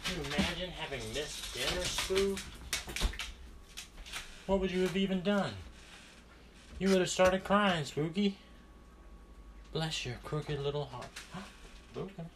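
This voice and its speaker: A man's voice: sits high, unhurried, long pauses, roomy sound. A man at home talking to his cats in coaxing baby-talk and meowing at them. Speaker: podcast host. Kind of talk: casual talk to pets. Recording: distant mic, loud room noise.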